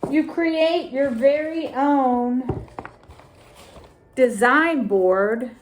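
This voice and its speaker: A middle-aged woman with a high voice walks through a craft tutorial at an unhurried pace. She talks casually and deliberately, repeating phrases as she holds up ribbons and ornaments. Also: slight background noise. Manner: slow, deliberate, repeats phrases while showing items. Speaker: crafting vlogger.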